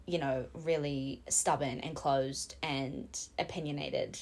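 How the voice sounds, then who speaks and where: A woman hosting a casual podcast chat, frank and quick to chime in with agreement. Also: deep voice, steady tone, a little mellow. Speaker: podcast host.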